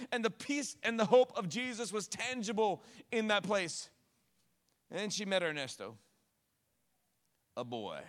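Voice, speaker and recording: A male pastor tells a story from the pulpit with a high, bright, forceful voice. His delivery is animated and slips in wry joking asides. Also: big-room sound. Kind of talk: storytelling sermon.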